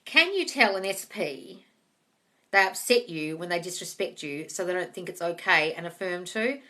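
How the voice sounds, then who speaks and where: A woman hosts a live manifesting Q&A, giving blunt, sweary, casual advice and calling her listeners darling and guys. Her voice is on the low side and sharp, with lively intonation at a moderate pace. She's picked up by a phone or webcam on the stream.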